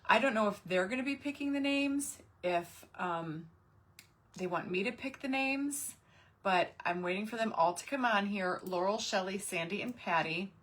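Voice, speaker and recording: A woman's voice: mid-range voice, normal speed, a bit bright. Chatty woman hosting a craft livestream. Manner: chatty, greets viewers by name. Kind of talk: casual live craft stream chat.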